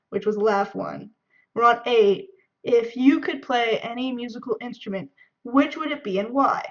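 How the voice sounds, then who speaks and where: A young woman from the Bay Area of California, chatting and giggling as she answers questions in a casual video. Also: a little high. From San Francisco Bay Area, California. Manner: chatty and giggly, acts out friends' shouting. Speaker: vlogger. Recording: dull lo-fi sound.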